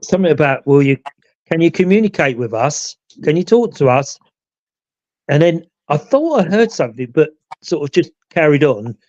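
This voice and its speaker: A man's voice: fairly high pitch, big pitch swings, normal speed, a little mellow, dry recording, lo-fi sound. A man, rambling through the story of a ghost hunt on a live chat show with a lot of "you know" asides. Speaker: ghost hunter, show regular. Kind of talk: casual live chat recounting an investigation.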